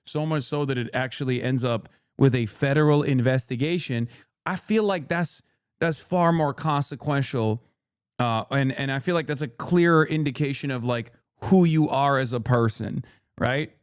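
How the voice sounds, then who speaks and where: A man's voice: medium pitch, moderate pace, clear, resonant tone, no room sound, clean studio sound. A man hosting a live stream who reacts to clips with blunt, profane rants. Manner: blunt, profane, restless ranting. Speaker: streamer host.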